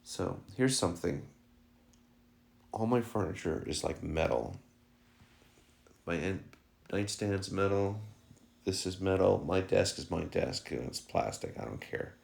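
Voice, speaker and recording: A man with a low, gravelly voice talks casually at home in a home vlog. He jokes as he goes and slips into cooing baby talk with his puppy. His speech is loose and chatty. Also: lively intonation, unhurried, pauses often, a little mellow. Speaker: vlogger and dog owner.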